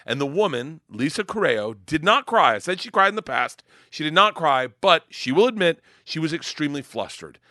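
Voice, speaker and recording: A middle-aged male comedian spins a raucous, profane story and loudly acts out everyone in it. His voice is bright and forceful, a little higher than most men's, and it sits close and dry with no room sound. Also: sing-song, normal speed, few pauses, no echo. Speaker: comedian guest. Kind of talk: storytelling in casual chat.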